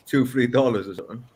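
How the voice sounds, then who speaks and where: A man's voice: mid-range voice, a little mellow, a little hiss or hum. Hesitant man thinking aloud. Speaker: guest. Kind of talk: casual chat.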